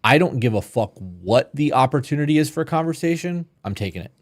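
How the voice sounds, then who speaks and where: A man's voice: medium pitch, expressive, a little fast, dry recording, clean studio sound. Blunt, profane man on a podcast. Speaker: podcast co-host. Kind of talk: casual live-stream Q&A chat.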